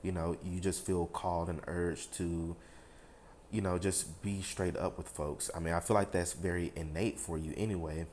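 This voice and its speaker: A man's voice: low-pitched, fairly even intonation, moderate pace, a little mellow, slight background noise. A man giving a casual tarot reading to his viewers, rambling with lots of fillers and talking frankly, with a bit of swearing. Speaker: tarot reader.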